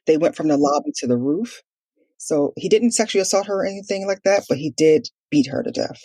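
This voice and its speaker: A woman with a husky, slightly breathy voice tells a personal story in a podcast interview. She speaks earnestly and fast, acting out remembered dialogue and leaning on "like" as she goes. The sound is dry and close. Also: low voice, lively intonation, warm tone, dry recording. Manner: earnest, quick retelling with quoted dialogue and many "like" fillers. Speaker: guest telling her family story.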